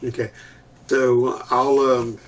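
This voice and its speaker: A man's voice: mid-range voice, little pitch movement, slow pace, far from the mic. A man playing his character in a tabletop role-playing game, stammering and restarting as he decides what to do. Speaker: player.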